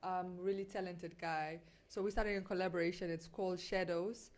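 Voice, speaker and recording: A woman's voice: fairly low pitch, steady tone, brisk, darkish tone. A woman co-hosting morning radio, chatty and confident. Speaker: radio show co-host. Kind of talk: casual morning radio chat. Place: radio studio.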